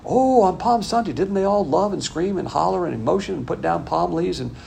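A man's voice: high-pitched, expressive, brisk, creaky, a little mellow, slight background noise. An older man preaching a conversational sermon, folksy and emphatic, repeating his points. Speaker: pastor.

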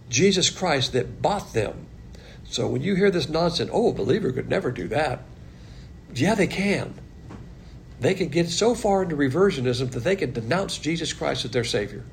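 A man's voice: fairly high pitch, a little hiss or hum. A man teaching verse by verse from the Bible in a blunt, emphatic way, with mocking asides.

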